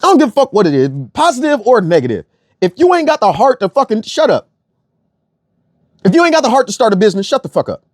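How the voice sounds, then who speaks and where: A man's voice: very high-pitched, wildly swooping pitch, fast talker, no room sound, clean studio sound. A young man delivering a blunt, profane rant as an online commentator, repeating phrases for emphasis. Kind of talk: ranting monologue.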